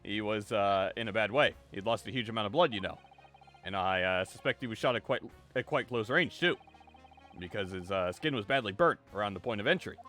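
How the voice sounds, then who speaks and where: A man's voice: lowish voice, fairly quick, a bit bright, faint music behind, pitched below the performer's own voice, lightly acted. A man reading the lines of a rambling male doctor in a courtroom game, hesitating with many uhs. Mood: musing.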